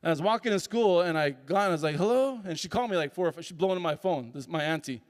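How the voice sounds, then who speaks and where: A man with a fairly high voice tells a personal story to a room, animated and quick to slip into the voices of the people in it. His words ring out with a long reverb tail, as if caught in a large hall. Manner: animated, acts out dialogue in the story. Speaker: speaker at a summit. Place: conference hall.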